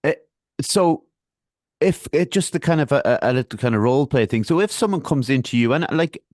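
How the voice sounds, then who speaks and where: A man's voice: mid-range voice, lively intonation, fairly quick, darkish tone, no echo, clean studio sound. A man hosting a podcast interview, talking in a rambling, hesitant way with many restarts. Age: 30s or older. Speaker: podcast host. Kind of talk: casual interview chat.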